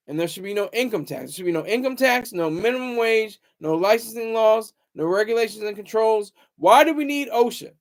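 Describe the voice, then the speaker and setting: A young man ranting casually to his viewers, taunting critics in a loud, rambling way. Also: high-pitched, animated, moderate pace. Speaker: streamer talking to viewers. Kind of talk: casual livestream rant.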